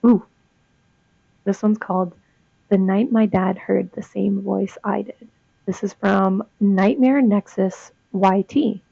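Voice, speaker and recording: Young woman, story reader, gravelly, dry close sound, muffled lo-fi. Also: mid-range voice, steady tone, slow pace, warm tone, no room sound. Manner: chatty, reacts aloud with gasps and comments between stories. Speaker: YouTuber reading ghost stories. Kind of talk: casual reading with asides.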